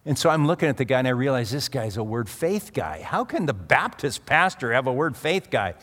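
A man's voice: medium pitch, big pitch swings, a little fast, fairly bright tone. Middle-aged male pastor, mid-range voice, conversational sermon with a long hall reverb. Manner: conversational, restarts and asides. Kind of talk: sermon with personal anecdote.

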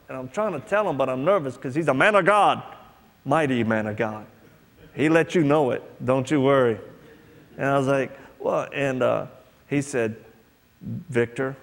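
A man's voice: medium pitch, measured pace, vocal fry, long pauses. A man preaching a sermon, telling a personal story and acting out the voices of others. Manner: storytelling, acts out quoted voices. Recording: echoey hall, long reverb.

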